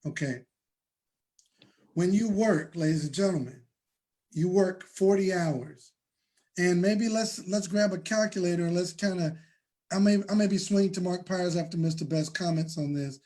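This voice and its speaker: A man hosting a motivational money talk, preaching and building to shouts. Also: high-pitched, moderate pace. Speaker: host.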